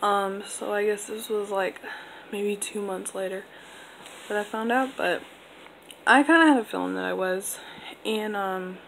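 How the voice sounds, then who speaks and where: A woman's voice: mid-range voice, fairly even intonation, a little slow, creaky, long pauses, a bit bright, slight background noise, rough recording. A young woman in her twenties casually telling a personal story to camera, rambling with lots of fillers. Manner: rambling, filler-heavy, laid-back. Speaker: vlogger.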